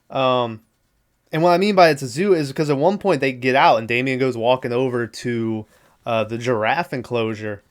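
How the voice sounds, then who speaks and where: Guy podcaster rambling through a movie recap, swears a lot, smooth clear voice, average pitch. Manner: profane, rambling storytelling with quoted voices. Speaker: podcast host. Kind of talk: casual solo movie recap.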